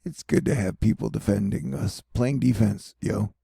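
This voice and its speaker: Gravelly, husky man joking through a weather update. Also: fairly low pitch, moderate pace, warm tone, dry recording, clean studio sound. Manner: jokey asides, rambling and self-mocking. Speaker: weather news host. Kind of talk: casual weather commentary over maps.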